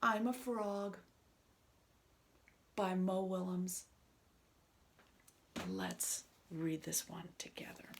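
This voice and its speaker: Children's storytime host: woman, gentle, slow, slightly gravelly voice, near-whispered asides. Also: lowish voice, slight background noise. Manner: gentle, soft, often half-whispered.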